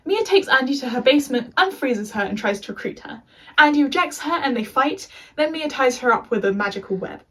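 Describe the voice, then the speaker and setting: A woman's voice: high voice, expressive, fairly quick, fairly bright tone, far from the mic, rough recording. A young English woman recapping a TV show in a casual, chatty rant with sarcastic asides. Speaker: video essayist.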